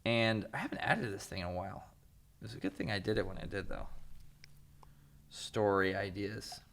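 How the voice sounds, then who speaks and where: A young man, a filmmaker, chatting as a podcast guest, telling animated stories with laughs and acted-out voices. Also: fairly low pitch, normal speed, creaky. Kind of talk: casual interview chat.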